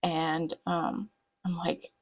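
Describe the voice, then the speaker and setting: A woman from the Southern US with a faint trace of that accent chats as she decorates her planner. Her voice sits low with a gravelly edge. She rambles along casually, full of fillers. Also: flat delivery, extremely slow, poor audio. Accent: light Southern US. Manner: rambling, chatty, lots of fillers. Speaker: planner vlogger.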